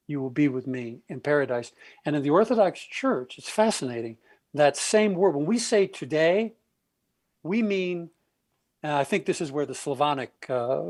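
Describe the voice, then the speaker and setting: A man in a podcast conversation, retelling stories with lively energy and putting on the voices of the people he quotes. His voice sits a little higher than most men's. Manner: animated storytelling, acts out quoted voices.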